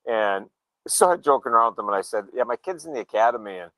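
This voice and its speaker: A man in casual chat telling a story, acting out the quoted dialogue in a relaxed way. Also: mid-range voice, fast talker, no room sound, poor audio. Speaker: show regular, motorcyclist.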